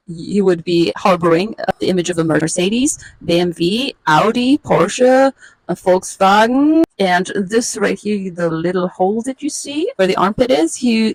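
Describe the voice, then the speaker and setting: Woman in her forties, sarcastic, wry, comic storyteller, middle pitch, dry close sound. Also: a little mellow, no room sound, poor audio. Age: 40s. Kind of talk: comedic illustrated storytelling.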